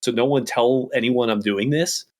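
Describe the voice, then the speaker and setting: A chatty man co-hosting a casual show, with a voice of ordinary middle pitch. He tells his stories in a loose, rambling way, full of little asides, as if talking to friends. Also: normal speed. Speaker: co-host. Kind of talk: casual chat.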